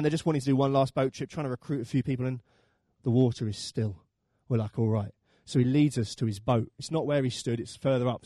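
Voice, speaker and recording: A man in his thirties preaching a sermon and telling a funny holiday story, with lively acted quotes. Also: fairly high pitch, no room sound. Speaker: pastor.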